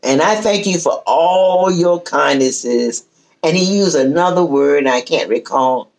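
As host of a casual chat, a woman recounts a family story a little slowly in her deep voice. Her telling is lively, with every quoted line acted out.

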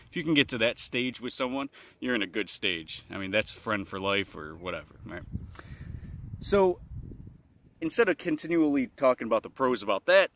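A young man giving a casual, rambling self-help talk at home, sometimes acting out quick greetings in a livelier voice. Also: medium pitch, sharp tone. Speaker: vlogger.

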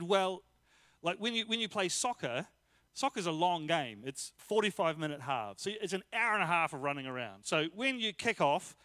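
A man preaching a casual sermon, telling personal stories in a lively, joking way. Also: high voice, dry recording, studio quality. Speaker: pastor.

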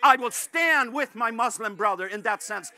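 Fervent high-voiced male pastor preaching. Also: expressive, moderate pace. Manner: fervent, repeatedly calls out "brethren"; rises to shouts at climaxes. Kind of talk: sermon.

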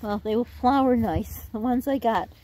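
A woman's voice: on the high side, moderate pace, warm tone. A middle-aged woman chatting in a rambling way while gardening outdoors for her vlog, out of breath. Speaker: vlogger.

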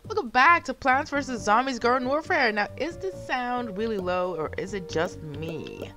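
A woman streaming a video game, chatting and reacting excitably as she plays. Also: a little high, normal speed. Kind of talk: live gameplay commentary. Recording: game music behind.

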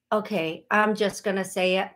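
A woman hosting a call-in radio show as a psychic medium, giving a caller a reading in an unhurried, self-deprecating way with an American accent. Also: mid-range voice, fairly bright tone.

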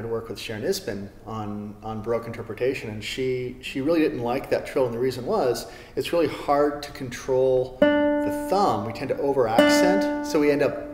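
A man giving a relaxed classical guitar lesson, with many fillers as he talks. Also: medium pitch. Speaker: guitar teacher. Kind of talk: video lesson. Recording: roomy studio with long reverb. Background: classical guitar playing.

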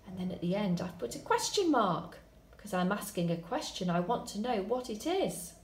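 A woman teaching a recorded lesson to young children, speaking slowly and clearly, reading her examples aloud with drama. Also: mid-range voice, a little mellow. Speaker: primary school teacher. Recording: echoey room.

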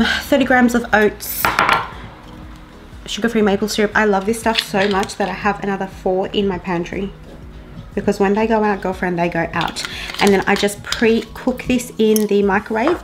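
A woman's voice: medium pitch, poor audio. A woman chatting casually to her viewers while cooking in a home kitchen, rambling with friendly asides. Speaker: vlogger. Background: music.

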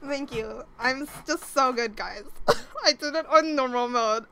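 With game music and sound effects in the background, a young woman commentates her live gameplay, laughing in bursts between shrieks, pleas and curses. She has a high-pitched, bright and forceful voice, with lively intonation but a measured pace.

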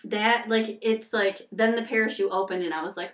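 A woman's voice: medium pitch, steady tone, moderate pace, hardly any pauses, reverberant, recorded from a distance. A woman giving a casual tarot reading, talking frankly and conversationally with many fillers as she tells personal stories. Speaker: tarot reader.

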